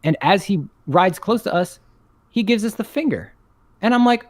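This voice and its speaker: A man's voice: sits high, lively intonation, normal speed, no room sound. A young man in casual chat, telling a story animatedly, swearing and laughing often. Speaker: podcast co-host.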